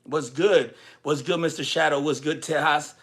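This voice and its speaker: A young Texan man hosts a livestream, rambling, swearing and joking around with his viewers in a loose, animated rant. His voice is a little high and he talks at a normal speed.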